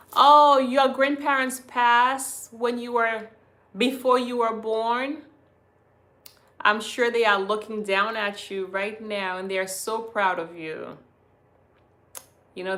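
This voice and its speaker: A woman's voice: mid-range voice, bright, forceful tone. A woman from Haiti, whose first language is Haitian Creole, hosting a hospice livestream, reading viewer comments and talking to them affectionately as her beautiful people. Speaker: hospice channel host.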